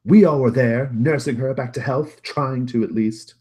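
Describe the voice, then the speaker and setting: A man's voice: lively intonation, moderate pace, darkish tone, husky. A man voicing a whiny, clingy young noble brother with a petulant, wheedling manner. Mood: shrill. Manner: petulant, wheedling, then shrill.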